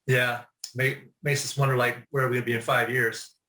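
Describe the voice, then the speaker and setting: Bright-voiced man hosting an interview. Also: mid-range voice, fairly quick. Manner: relaxed, brief prompts and affirmations. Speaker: interview host. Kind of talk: casual interview. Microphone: video call. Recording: roomy echo.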